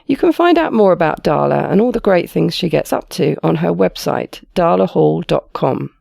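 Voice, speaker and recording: Woman host, lowish voice with heavy vocal fry, dry close sound. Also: expressive, moderate pace, a little mellow, dry recording. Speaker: podcast host. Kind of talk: podcast intro and interview.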